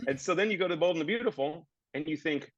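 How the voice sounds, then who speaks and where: A man's voice: on the high side, fast, no room sound, muffled recording. A man in his thirties, a guest actor on a casual podcast, telling rambling stories and acting out his own past remarks.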